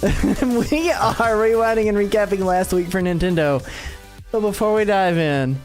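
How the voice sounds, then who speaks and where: A man's voice: sits high, unhurried, darkish tone, soft background music. A tired man hosting a casual podcast, rambling and laughing often as he chats. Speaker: podcast host.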